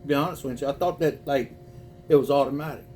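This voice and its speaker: A man's voice: mid-range voice, fast talker, mellow, slight background noise. A man with a Cajun accent hosting a casual livestream, folksy and chatty, reading viewer messages aloud and calling people boo. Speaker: spiritual reading host. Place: home, packing to move.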